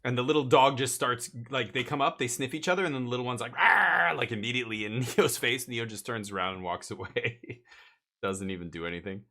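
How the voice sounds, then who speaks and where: A man's voice: medium pitch, fairly even intonation, fairly quick, sharp tone. A man streaming a card game live, thinking aloud and muttering his plays as he goes.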